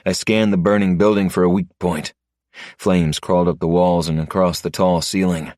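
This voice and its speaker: A man narrating a first-person story in a low, steady manner. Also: normal speed, no room sound, clean studio sound. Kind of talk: scripted narration.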